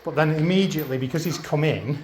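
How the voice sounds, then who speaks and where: A man working as a dog trainer, calmly explaining a training demonstration and switching to high, upbeat praise for the dog. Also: quick pace, a little hiss or hum.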